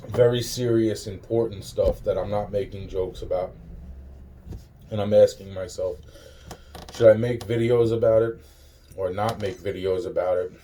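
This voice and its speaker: A man's voice: lowish voice, dark tone, a little hiss or hum. A young man rambling to camera in a profane, laughing monologue full of restarts. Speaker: vlogger.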